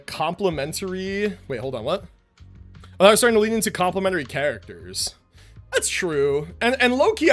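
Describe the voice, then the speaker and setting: A young man livestreaming from home, chatting casually and loosely with many restarts and fillers. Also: a little high. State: out of breath after push-ups. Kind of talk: casual live-stream chat. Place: home room. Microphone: desk mic, moves away from it.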